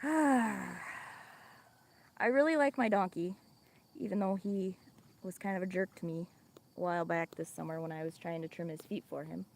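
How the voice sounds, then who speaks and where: A woman's voice: on the low side, normal speed, creaky, long pauses, a little mellow. A woman with a Midwestern accent hosting a casual livestream outdoors on a farm, chatty and laughing often as she talks to her viewers and animals. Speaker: livestream host.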